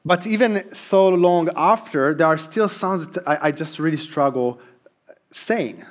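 This middle-aged pastor from Israel speaks unhurriedly in a fairly high voice, preaching a sermon with earnest feeling. His Israeli accent reflects his native Hebrew, and his delivery is full of ums and restarts.

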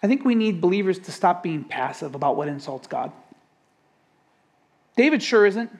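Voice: medium pitch, sing-song, normal speed. A pastor preaching a sermon with emphasis, asking the congregation rhetorical questions.

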